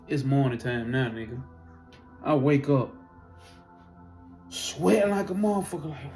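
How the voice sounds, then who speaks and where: A man telling a personal spiritual story in an animated, profane, casual way, acting out his own reactions. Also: medium pitch, measured pace, pauses often, soft background music.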